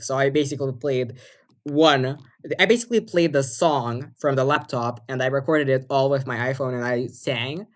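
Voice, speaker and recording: A woman's voice: sits low, moderate pace. A woman co-hosting a podcast in casual chat, rambling with lots of fillers and restarts. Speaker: podcast co-host and music producer.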